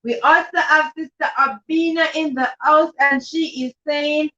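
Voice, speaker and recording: High bright woman hosting a live stream. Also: steady tone, a little slow. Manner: warm, repetitive shout-outs to viewers. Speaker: host of a live-streamed children's reading show. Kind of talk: casual live-stream chat, reading out comments. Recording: roomy, distant, dull lo-fi sound.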